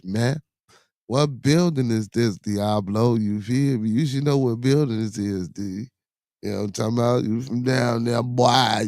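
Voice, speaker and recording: A man's voice: medium pitch, dark tone, no room sound, studio quality. A middle-aged man from Chicago with a Chicago accent, hosting a solo live-stream podcast in laid-back street slang, repeating his phrases and greeting viewers in the chat. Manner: laid-back street slang, repeats phrases, constant "you know what I'm saying". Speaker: podcast host.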